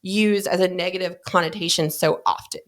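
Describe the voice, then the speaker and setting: A woman's voice: fairly low pitch, fairly even intonation, fairly quick, fairly bright tone. A woman, a podcast guest speaking candidly and earnestly, with many "like"s and "you know"s. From American South. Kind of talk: candid conversational storytelling.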